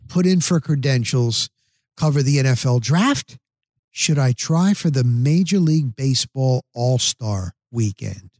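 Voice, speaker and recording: A man hosting a podcast, telling rambling stories in casual chat and acting out what others said with sudden high-pitched voices. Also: darkish tone, dry recording, clean studio sound. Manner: rambling storyteller, acts out quotes with big pitch jumps. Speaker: podcast host. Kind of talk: casual monologue.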